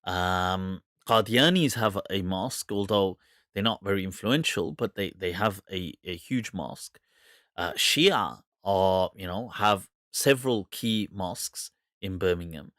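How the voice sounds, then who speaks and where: A man's voice: sits low, unhurried, fairly bright tone, no room sound, studio quality. A British man hosting a live question-and-answer show, chatting loosely with frequent laughter and rambling asides, with an accent that is hard to place. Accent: mixed British English, hard to place. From England. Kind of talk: casual live Q&A chat.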